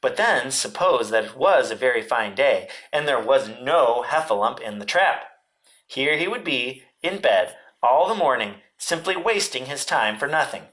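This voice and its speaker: A man, a teacher, reading a children's storybook aloud in an expressive way. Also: mid-range voice, normal speed.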